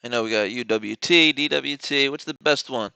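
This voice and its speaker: A man's voice: medium pitch, moderate pace, vocal fry, bright, forceful tone, smooth, dry recording, poor audio. A man hosting a casual day-trading live stream from his home studio, rambling, joking and swearing freely as he talks through his trades.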